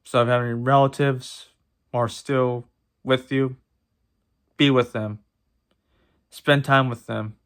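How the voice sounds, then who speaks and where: A man's voice: medium pitch, little pitch movement, fairly bright tone, clear, resonant tone. Tearful, stammering man vlogging. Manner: halting, stammering with repeated words. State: tearful, emotional. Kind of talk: personal vlog talk to camera.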